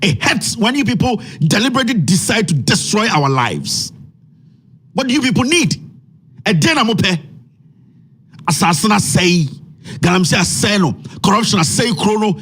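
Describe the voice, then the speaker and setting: A man's voice: high voice, very animated, moderate pace, pauses often, fairly bright tone, slightly rough. A Ghanaian man hosting a commentary segment, ranting angrily in rhetorical questions. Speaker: commentary host. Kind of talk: impassioned social media commentary.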